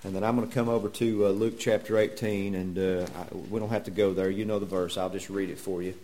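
A man's voice: deep voice, level tone, fast talker, mellow, a little hiss or hum. Folksy preacher man. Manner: folksy, jokey preaching with rhetorical questions. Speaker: pastor. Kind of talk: sermon. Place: church.

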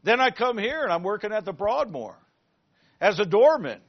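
A male pastor preaching a sermon, asking the congregation questions and moving between loud emphasis and quiet asides. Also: sits high, big pitch swings, normal speed, lo-fi sound.

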